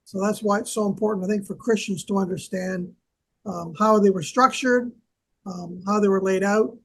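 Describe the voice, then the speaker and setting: A man co-hosting an educational talk, explaining slowly with many pauses and fillers. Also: sits high, steady tone, gravelly, a bit bright. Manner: hesitant, lots of fillers, explanatory. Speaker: co-host, archaeology scholar. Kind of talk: casual educational discussion.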